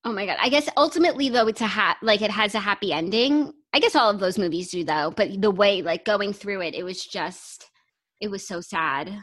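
A young woman co-hosting a podcast in casual chat, agreeable and expressive as she reacts and shares her opinions. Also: mid-range voice, brisk. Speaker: podcast co-host.

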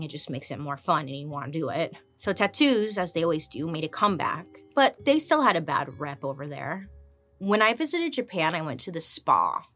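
A woman's voice: sits low, fairly bright tone. A woman in her thirties hosting a history podcast, chatty and irreverent, swearing casually as she tells the stories. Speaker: podcast host.

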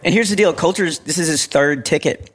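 Fast-talking middle-aged man. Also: a little high, fairly bright tone, a little hiss or hum. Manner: quick, chatty, laughs easily. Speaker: podcast co-host. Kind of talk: casual storytelling chat.

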